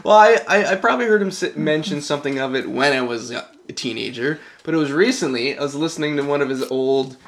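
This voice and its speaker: A man's voice: fairly high pitch, lively intonation, fast talker, few pauses, a bit bright. A man, rambling loosely and swearing casually in a casual podcast chat.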